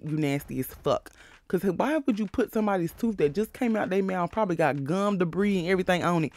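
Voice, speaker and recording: A man hosting a casual recap of a reality show, sassy, animated and profane as he talks. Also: on the high side, no room sound.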